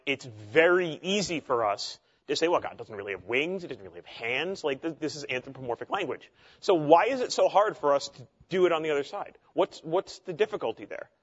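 A man's voice: mid-range voice, a bit bright, highs cut off. A man teaching a theology class in a conversational way, with frequent fillers and asides.

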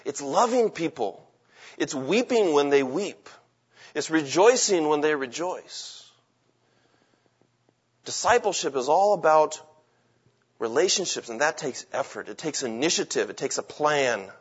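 A man's voice: on the high side, lively intonation, unhurried, long pauses, husky, highs cut off. A man preaching a sermon in an emphatic way, asking the congregation rhetorical questions. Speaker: pastor.

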